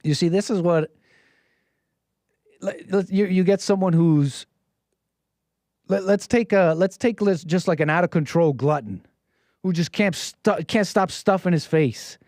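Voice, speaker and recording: A man's voice: high-pitched, measured pace, long pauses, a little mellow, no echo, studio quality. An American man giving rambling, preachy solo commentary, often repeating his phrases. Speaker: streamer commentator.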